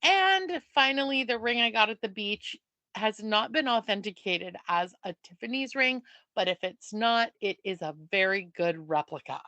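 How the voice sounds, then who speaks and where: A woman co-hosting a podcast in casual chat, playful and joking with quick asides. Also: mid-range voice, animated, bright, forceful tone, no echo. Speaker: podcast co-host.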